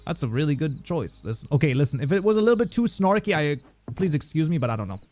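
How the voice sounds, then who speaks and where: A man's voice: fairly high pitch, big pitch swings, fast talker, darkish tone, no room sound, soft background music. A man with a German accent chatting casually on a livestream, joking around and reading viewer messages aloud. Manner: joking, reads chat aloud, many fillers. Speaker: streamer.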